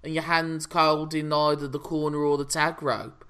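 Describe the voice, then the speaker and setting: A man's voice: fairly high pitch, little pitch movement, moderate pace, sharp tone, smooth. An opinionated, teasing man from England co-hosting a casual wrestling chat show, rambling through his points. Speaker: podcast co-host.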